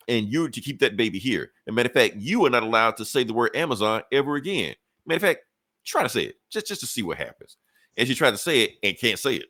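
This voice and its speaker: On a studio-quality recording with no room sound, a man whose voice sits on the low side and has a fairly bright tone co-hosts a podcast. He recounts a comic book story in a loose, profane way, frequently breaking into laughter.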